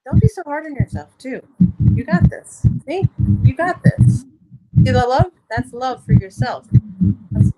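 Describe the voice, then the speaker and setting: A woman doing a casual card reading, talking in a chatty, encouraging way and laughing often. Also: fairly high pitch. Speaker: card reader. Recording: loud background noise.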